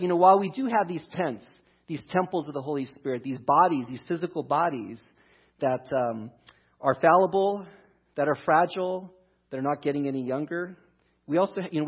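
A pastor preaching a conversational sermon, talking through a scripture passage. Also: male voice, fairly high pitch, slightly rough, dull audio. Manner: conversational, restarts, reads scripture aloud.

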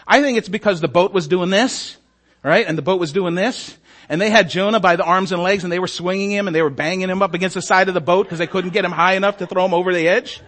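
A man's voice: high voice, fast. A man preaching a sermon as a story, acting out the characters' lines and often asking the congregation "right?". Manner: animated, acts out voices, asks "right?".

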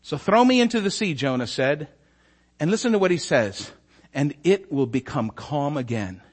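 A man preaching a sermon as a story, acting out the characters' lines and often asking the congregation "right?". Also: on the high side. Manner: animated, acts out voices, asks "right?".

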